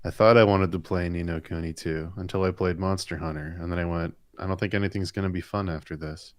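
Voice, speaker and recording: A man's voice: low voice, fairly even intonation, quick pace, no room sound, studio quality. A man co-hosting a live stream, reading viewer questions aloud and answering with rambling, enthusiastic stories. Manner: chatty, rambling, enthusiastic storytelling. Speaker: comic artist and co-host.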